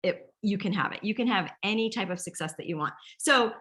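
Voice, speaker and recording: A woman's voice: medium pitch, a little fast, fairly bright tone. A middle-aged woman leading a sales team, giving a chatty, rambling motivational training talk and telling stories. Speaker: direct sales team leader.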